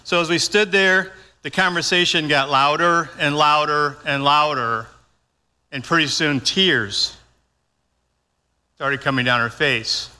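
Older male pastor with a bright, slightly high voice, folksy and conversational, preaching in a church with long reverb. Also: slow pace, clear, resonant tone. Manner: folksy, conversational, acts out his own lines. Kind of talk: sermon.

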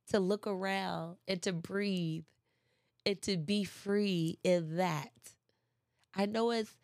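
A motivational speaker gives a casual inspirational talk, emphatic and chatty, repeating phrases and addressing her listeners directly. Her voice is lowish and gravelly, recorded dry in studio quality.

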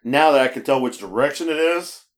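On a casual podcast, a male co-host who drives rideshare tells stories from the job, laughing a lot and acting out voices as he goes. His voice is medium in pitch and his delivery is brisk.

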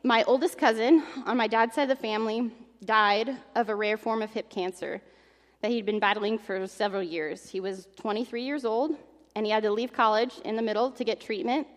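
A woman's voice: a little high, fairly even intonation, brisk. A young adult woman preaching a sermon, earnest and at times emotional, partly reading aloud from an article. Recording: long hall reverb.

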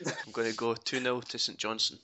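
A man's voice: mid-range voice, little pitch movement, brisk, sharp tone, dull audio, a little hiss or hum. A Scottish man hosting a casual podcast chat and teasing his co-hosts. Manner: teasing, runs the segment. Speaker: host.

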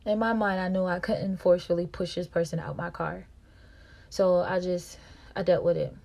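A woman podcast host, telling a personal story in a monologue and acting out quarrels in a louder, higher voice. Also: fairly even intonation, normal speed, vocal fry. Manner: reenacts quarrels with raised pitch and volume.

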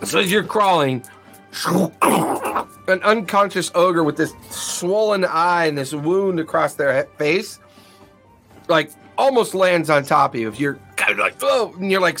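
A man narrating as game master of a tabletop role-playing game, lively and laughing as he goes. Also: sits high, moderate pace, soft background music.

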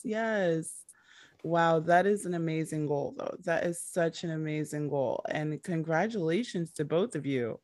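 A woman's voice: low-pitched, measured pace, a little mellow, dry recording, studio quality. A woman hosting an interview, gushing with praise and enthusiasm for her guest. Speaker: host. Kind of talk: interview conversation.

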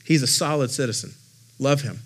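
A lead pastor in his forties preaching a sermon in an expressive, conversational way, with personal stories and self-deprecating humor. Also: mid-range voice, brisk, breathy edge.

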